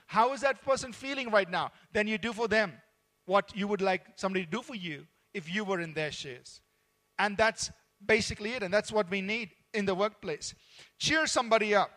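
A man's voice: high-pitched, bright, forceful tone. A man preaching in a conversational, earnest way, with frequent fillers and restarts. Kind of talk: sermon on workplace conduct.

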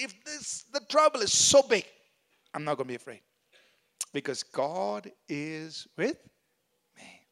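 Male pastor, high-pitched, exhorting sermon in church, repeats lines for emphasis. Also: fairly bright tone. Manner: leads congregation in reading scripture aloud.

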